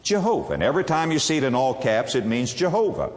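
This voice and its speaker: A man's voice: mid-range voice, very animated, quick pace. A man preaching a sermon, leaning hard on single words and drawing them out for emphasis. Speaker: pastor. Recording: echoey hall with long reverb.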